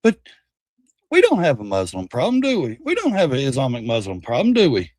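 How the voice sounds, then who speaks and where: A man's voice: mid-range voice, wildly swooping pitch, brisk, a little mellow, no room sound, studio quality. A man hosting a livestream, ranting in a heated, profane and mocking way. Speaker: livestream host. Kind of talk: casual political rant.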